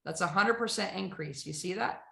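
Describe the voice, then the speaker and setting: A woman sales trainer presents with bright, emphatic energy, constantly firing rhetorical questions at her listeners. Her fairly low voice has vocal fry and a moderate pace, ringing out in an echoey room.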